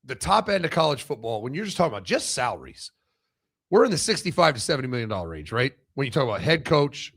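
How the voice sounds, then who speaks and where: A man's voice: medium pitch, sing-song, fast, fairly bright tone, husky. A man co-hosting a sports podcast in casual, blunt and profane talk, often restarting his sentences as he makes a point.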